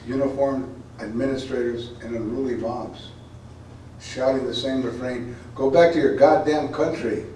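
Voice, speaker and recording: A poet speaks informally at a college event in a warm mid-range voice, rambling and repeating himself, before reading a poem with intensity and emphasis. He's picked up from far off in an echoey room, with slight noise in the background.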